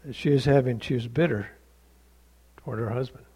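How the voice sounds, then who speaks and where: A man's voice: medium pitch, brisk, warm tone, husky. A man pastor telling a story in a sermon, plainly and conversationally, acting out the dialogue.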